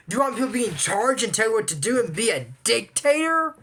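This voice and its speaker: A man's voice: sits high, big pitch swings, quick pace, few pauses, a bit bright, slight background noise. A young man from Amarillo, Texas, chatting casually as he reviews a cartoon episode. He rambles and adds apologetic asides. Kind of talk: casual commentary.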